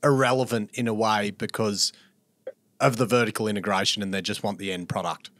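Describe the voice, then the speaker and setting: A man's voice: on the low side, fairly even intonation, brisk, fairly bright tone, dry recording. A man hosting a casual interview, joking and laid-back. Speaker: podcast host.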